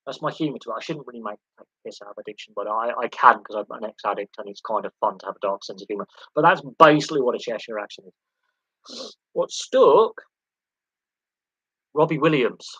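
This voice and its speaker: A man hosting a relaxed live sports Q&A, talking off the cuff. He rambles, stumbles over repeated words and slips in dark jokes. His voice is bright and a little husky, heard dry and close. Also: medium pitch, brisk, dry recording, dull audio. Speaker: host of a live sports Q&A stream. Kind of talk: casual live-stream chat answering viewer questions.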